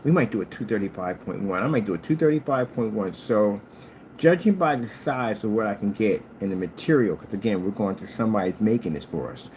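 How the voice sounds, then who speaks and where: A man hosting his own channel, talking in a casual rambling monologue and jumping up high when he quotes people. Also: brisk, slight background noise. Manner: animated storyteller, jumps high for quoted lines; scolding, talks straight to a critic. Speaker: channel host.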